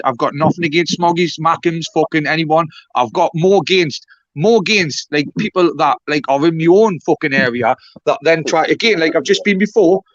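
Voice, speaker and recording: Sweary Geordie man, high voice. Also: no echo. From North East England. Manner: rambling, swearing, blunt and self-mocking. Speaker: guest on a live stream. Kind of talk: casual banter on a group live stream. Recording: dry, dull lo-fi stream audio.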